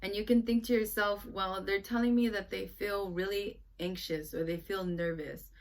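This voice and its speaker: A woman's voice: medium pitch, steady tone, normal speed. A young woman vlogging to camera about how she talks with her kids, earnest and rambling, often restarting sentences and acting out what she tells them. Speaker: vlogger, mother. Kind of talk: casual reflective talk to camera.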